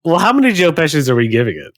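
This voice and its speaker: A man's voice: fairly high pitch, wildly swooping pitch, very fast, no room sound, clean studio sound. A man co-hosting a casual podcast chat, blunt and swearing freely. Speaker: podcast co-host.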